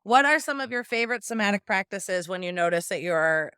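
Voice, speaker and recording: Fast, bright-voiced woman podcast host. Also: mid-range voice, clean tone, dry recording, studio quality. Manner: animated, profane storytelling. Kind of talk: casual interview chat.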